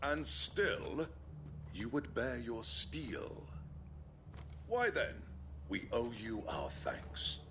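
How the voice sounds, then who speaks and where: A slow, menacing soldier captain. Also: male voice, medium pitch, sing-song, pushed and bright, slight background noise, full character voice. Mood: cold, menacing. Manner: formal, measured, threatening. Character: stern male soldier commander, cold and menacing. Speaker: enemy soldier leader in a video game.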